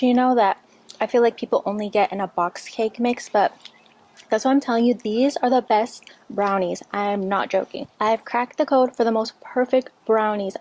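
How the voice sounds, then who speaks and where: A woman's voice: on the high side, a little mellow. A woman hosting a casual cooking tutorial from a home kitchen, chatty and talking straight to her viewers. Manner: chatty, addresses viewers directly. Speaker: cooking channel host.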